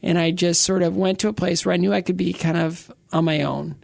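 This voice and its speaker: A man's voice: high voice, steady tone, fairly quick, gravelly, a little mellow, no room sound, studio quality. A middle-aged man guest in an interview, telling a personal faith story in a rambling, joking way with many restarts. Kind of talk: casual interview, personal testimony.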